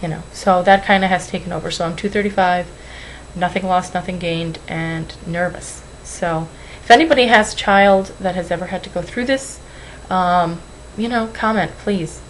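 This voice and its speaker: Young woman, lowish voice, rambling and apologetic, tearful, webcam mic, faint hiss. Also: moderate pace, low-quality recording. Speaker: weight-loss vlogger. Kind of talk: emotional webcam vlog.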